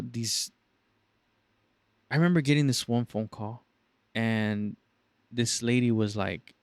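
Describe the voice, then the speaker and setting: On his podcast, a young host with a medium-pitched voice and no echo tells a story in casual chat. He's profane and animated, swearing freely and playing angry callers in raised voices.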